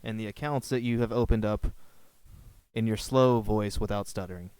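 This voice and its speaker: A man's voice: fairly low pitch, moderate pace, a little mellow, clean tone, no echo. A man co-hosting a casual podcast chat, teasing his co-host and swearing casually.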